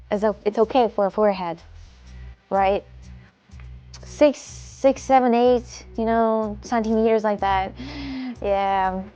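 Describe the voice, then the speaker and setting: A woman's voice: medium pitch, a little mellow, clear, resonant tone, muffled recording. A woman with a Russian accent chatting casually on a live stream from home, rambling and often stumbling over and repeating her words.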